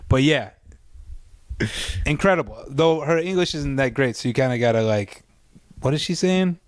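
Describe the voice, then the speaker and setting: Young guy, podcast co-host, laid-back and crude, mid-pitched, dry close-mic sound. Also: expressive, moderate pace, clean tone, no room sound. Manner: laid-back, blunt, joking. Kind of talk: casual crude banter.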